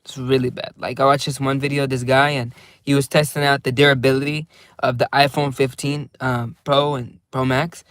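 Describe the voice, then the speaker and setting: A man's voice: mid-range voice, little pitch movement, fairly quick, a bit bright, clean tone, dry recording, clean studio sound. A young man chatting casually in a loose, rambling vlog from inside his car, laughing often. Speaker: vlogger.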